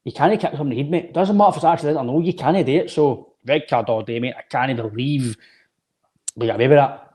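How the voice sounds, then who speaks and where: A man's voice: mid-range voice, fast, a little mellow. A Scottish man co-hosting a football podcast, talking emphatically in a casual chat and often calling his co-host "mate". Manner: emphatic, restarts phrases often, says "mate" a lot.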